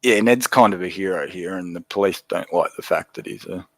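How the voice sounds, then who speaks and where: A man's voice: sits low, brisk, no room sound, poor audio. A man with an Australian accent hosting a casual livestream, chatting easily and answering viewer comments as he goes. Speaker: livestream host.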